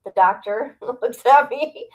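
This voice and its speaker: A woman's voice: fairly high pitch, slow, low-quality recording. A woman speaking casually on a livestream. She is blunt and profane, and she laughs often as she tells her viewers what has been bothering her. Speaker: streamer.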